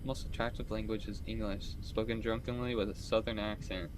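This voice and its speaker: A man's voice: lowish voice, level tone, fairly quick, noisy background. A young man chatting casually during a game stream, rambling, swearing and laughing often. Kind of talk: casual gaming stream chat.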